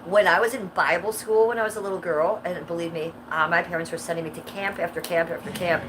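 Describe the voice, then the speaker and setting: A woman's voice: fairly low pitch, fast talker. A woman in her fifties chatting on a livestream in a brash, profane, rambling way. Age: 50s. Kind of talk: casual livestream chat. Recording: steady background noise.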